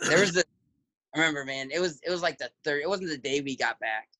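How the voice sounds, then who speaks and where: An American man in his thirties, a serving soldier and the guest, tells a drinking story in a laid-back, meandering way. His voice is bright and forward, and it is recorded dry and close. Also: fairly high pitch, fast, no echo. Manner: laid-back, loose, drifting phrasing. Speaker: guest, US Army infantry staff sergeant. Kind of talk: casual storytelling.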